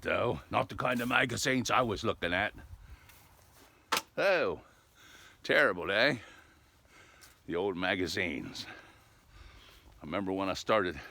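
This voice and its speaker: A man's voice: sits low, bright, forceful tone. Folksy, rambling middle-aged man. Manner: folksy, meandering, tags lines with "eh?". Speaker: vlogger. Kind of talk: casual rambling chat. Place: outdoors, walking dogs.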